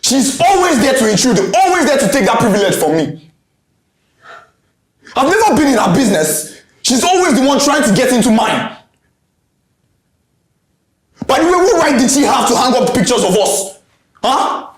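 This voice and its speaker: A man's voice: very high voice, sing-song, normal speed. An actor playing a young adult son who argues defiantly with his stepmother and father. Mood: aggrieved. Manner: defiant, confrontational. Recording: echoey film audio with soft music.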